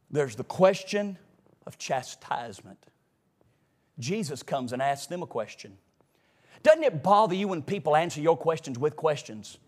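A man preaching to his congregation in a notably high voice. His delivery rolls in a sing-song cadence, rising to shouts and dropping to hushed asides. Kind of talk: sermon.

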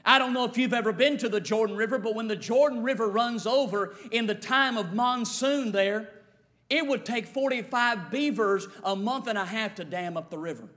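High-pitched, bright-voiced preacher. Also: male voice, normal speed. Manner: rhythmic repetition, swinging from shouts to hushed tones. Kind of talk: fiery revival sermon.

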